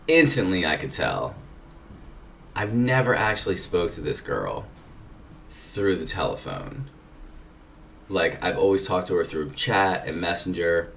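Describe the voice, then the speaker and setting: A man's voice: sits low, normal speed, gravelly, pauses often, a bit bright. A man casually telling a rambling, profane personal anecdote in a laid-back way, recorded from a distance with faint background noise. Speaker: storyteller.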